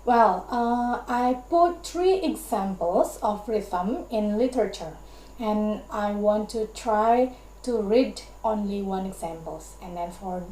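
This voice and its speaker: A young woman from Indonesia, a university student giving a class presentation, explaining carefully and deliberately. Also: medium pitch, warm tone, roomy sound, slight background noise, poor audio. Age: young adult. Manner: careful, deliberate explaining, often linking with "and then".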